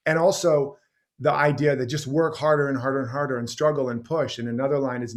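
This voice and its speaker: A man's voice: mid-range voice, steady tone, fairly quick. A man being interviewed as a guest teacher, talking passionately and rambling through stories and examples. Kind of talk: conversational interview.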